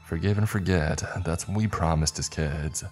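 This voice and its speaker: A man reading a horror story aloud in a measured, dramatic narration. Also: deep voice, soft background music.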